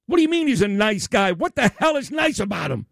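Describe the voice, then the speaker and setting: A man hosting talk radio, ranting in a loud, combative, sarcastic way into a studio microphone. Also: high-pitched, big pitch swings, quick pace, vocal fry, dry recording. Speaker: radio talk show host.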